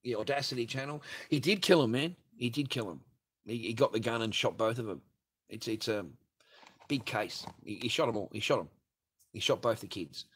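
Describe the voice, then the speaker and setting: A man's voice: medium pitch, brisk, fairly bright tone, breathy edge. Profane man ranting on a livestream. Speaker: livestream host reading superchats. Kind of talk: crude casual livestream rant.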